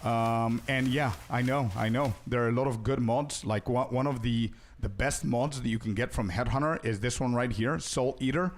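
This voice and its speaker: A young man streaming a game, chatting casually with viewers and answering their questions. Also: medium pitch. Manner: chatty, answers chat, says "bro" often. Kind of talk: casual live-stream chat.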